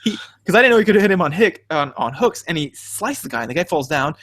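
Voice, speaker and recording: A husky-voiced man co-hosts a casual podcast in a dry, close recording. His pitch sits a bit high and swings widely as he acts out his own reactions. He laughs often in the middle of sentences. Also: fast talker, no room sound. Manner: animated storyteller acting out his own reactions. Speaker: podcast co-host. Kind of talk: casual chat.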